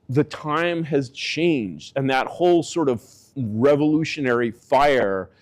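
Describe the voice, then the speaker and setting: A man giving casual spoken political commentary, rambling and leaning on filler words, with his pitch swinging up and down for emphasis. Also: darkish tone.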